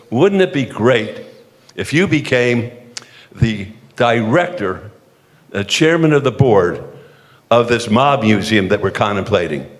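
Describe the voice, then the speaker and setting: An older man from the eastern United States, a former mayor telling self-deprecating, jokey stories on a panel, with frequent restarts. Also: mid-range voice. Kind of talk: humorous anecdotal storytelling on a panel. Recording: long hall reverb.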